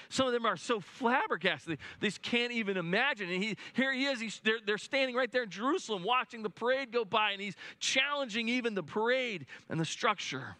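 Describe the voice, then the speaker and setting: A man preaching a sermon in an earnest way, often restarting his sentences and dropping low and soft at solemn points. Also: expressive, brisk, no room sound. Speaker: pastor.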